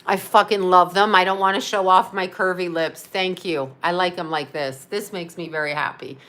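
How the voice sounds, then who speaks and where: On a live stream, a psychic medium in her fifties reads viewer comments and rants bluntly, swearing as she goes. Her voice is fairly low and fairly bright, with fairly even intonation and a moderate pace.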